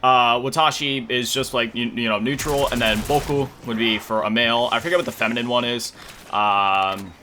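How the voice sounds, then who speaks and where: Male gaming creator, casual rambling chat, crisp bright tone, self-deprecating, faint background hiss. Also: mid-range voice, fairly even intonation, normal speed. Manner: rambling, self-correcting, heavy on fillers; self-mocking, chuckling. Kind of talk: casual chat over gameplay.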